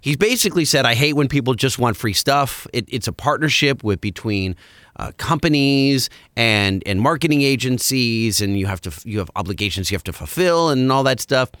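A man co-hosting a podcast about trucks, animated and quick to react, in casual chat. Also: medium pitch, dry recording, clean studio sound. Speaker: podcast co-host.

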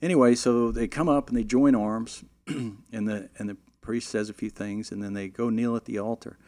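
A middle-aged man telling a long, animated anecdote in a casual way, with frequent "you know" fillers and restarts. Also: mid-range voice, normal speed. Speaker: storyteller.

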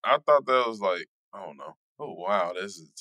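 A man's voice: fairly low pitch, expressive, normal speed, sharp tone, no echo. A young man in a casual podcast chat, joking and arguing his point stubbornly. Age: young adult.

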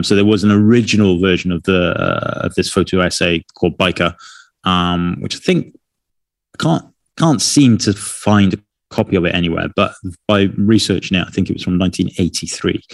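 A man with a very low voice chats casually as a podcast co-host. He rambles and keeps restarting his sentences. The sound is dry and close. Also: no echo. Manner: rambling, self-correcting, chatty.

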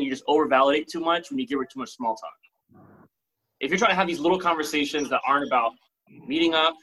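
A man's voice: on the high side, bright, forceful tone, husky, rough recording. A man talking assertively about dating as a co-host, giving blunt advice in a lecturing way. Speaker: podcast co-host. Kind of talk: casual dating talk.

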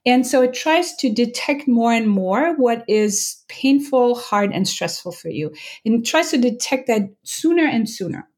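A woman meditation teacher explaining as an interview guest, gentle and earnest, talking loosely with many "like" fillers and restarts. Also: fairly high pitch, animated. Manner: gentle, earnest, acts out inner thoughts in quick asides.

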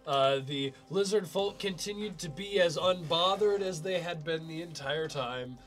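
A man runs a tabletop game, narrating in a rambling way with plenty of fillers. His voice sits a bit high. Faint music plays behind him. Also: measured pace, fairly bright tone. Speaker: game master.

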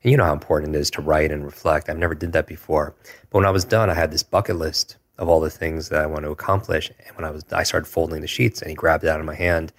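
A man's voice: a bass voice, steady tone, fast. A man in his forties tells a personal story as an interview guest, earnest and reflective, often adding "if you will". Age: 40s.

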